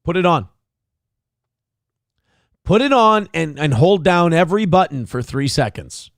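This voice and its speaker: Brief: male host, higher-pitched voice, dry close sound, angry mocking commentary, swears a lot. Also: expressive, measured pace, dry recording. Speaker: show host. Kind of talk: profane commentary reacting to a clip.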